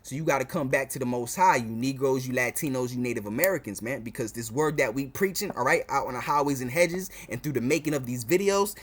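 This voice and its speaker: A man's voice: mid-range voice, fast, few pauses, husky. A man preaching fervently to camera as a street preacher, repeating phrases and stumbling into restarts. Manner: fervent, repetitive, full of "man" and "all right" fillers.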